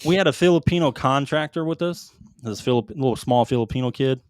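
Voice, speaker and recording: A foul-mouthed man in his thirties tells profane stories on a casual podcast. His voice sits mid-range and comes across as dry and close on the mic, with no room sound. He talks in lively, animated bursts. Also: medium pitch, a little fast, smooth, dry recording. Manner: swears constantly, animated storytelling. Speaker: podcast co-host, military veteran.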